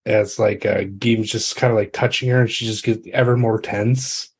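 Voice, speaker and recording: Husky man rambling at a game table. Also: lowish voice, fairly even intonation, moderate pace. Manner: rambling, filler-laden descriptions.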